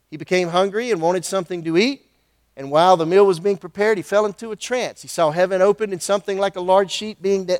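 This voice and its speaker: A man preaching a sermon, retelling scripture with animated, conversational asides and questions to his listeners. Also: sits high, no echo, clean studio sound.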